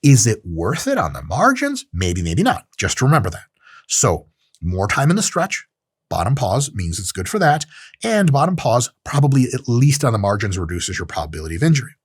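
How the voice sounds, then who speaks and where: A man's voice: medium pitch, normal speed, slightly rough, dry recording, studio quality. A man giving a casual, profane, joking lecture on lifting technique, often acting out little scenes. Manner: profane, joking, animated, with acted-out asides. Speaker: strength training coach.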